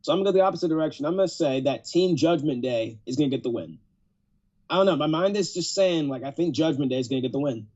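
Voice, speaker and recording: A man's voice: on the high side, animated, quick pace, a little mellow. Laid-back male podcast host. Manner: laid-back, laughing, "yes sir" affirmations. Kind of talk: casual chat. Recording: dull lo-fi.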